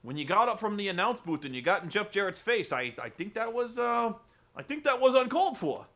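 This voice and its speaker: A man impersonating a hesitant male wrestling commentator who lectures a colleague with halting stammers. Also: high-pitched, very animated, pushed and bright, exaggerated voice. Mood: disapproving.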